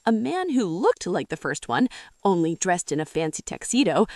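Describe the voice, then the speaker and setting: A woman reading jokes aloud in a brisk, scripted storytelling style. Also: lowish voice, very animated, darkish tone, no room sound, clean studio sound. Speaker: joke teller. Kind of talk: scripted joke narration.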